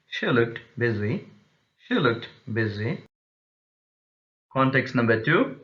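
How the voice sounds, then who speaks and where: Slow, deliberate male English teacher. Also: medium pitch, a bit bright, dull audio. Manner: slow, deliberate explanation with repeated example phrases. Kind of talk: pronunciation lesson.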